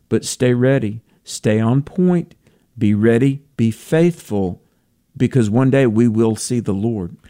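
A man's voice: medium pitch, dark tone, no room sound, clean studio sound. A man co-hosting a faith radio program, telling a story in a conversational way. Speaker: radio co-host.

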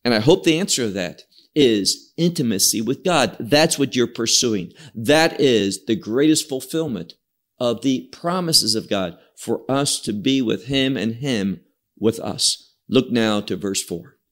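A man's voice: medium pitch, unhurried. A man teaching an evening Bible study, who explains the text verse by verse, cites Hebrew words and repeats key words for emphasis. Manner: expressive, draws out key words and repeats himself.

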